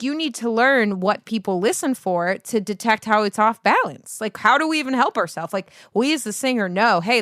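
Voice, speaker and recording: A woman's voice: mid-range voice, fairly bright tone, dry recording, clean studio sound. A woman in her thirties, a singing teacher, talking casually to camera in a rambling, profane, easily sidetracked way with self-mocking asides. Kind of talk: casual vlog monologue.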